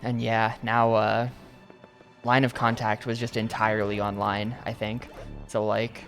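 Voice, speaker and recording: A man's voice: fairly low pitch, little pitch movement, measured pace, fairly bright tone, soft background music. A man streaming a video game, rambling casually and hedging with lots of "like" and "I think". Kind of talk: casual gameplay commentary.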